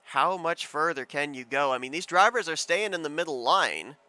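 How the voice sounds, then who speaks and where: A man calling an online stock car race as play-by-play announcer, calm and analytical. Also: on the high side, moderate pace, a little hiss or hum. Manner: calm analysis, rising to shouting at the finish. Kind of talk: sim racing commentary.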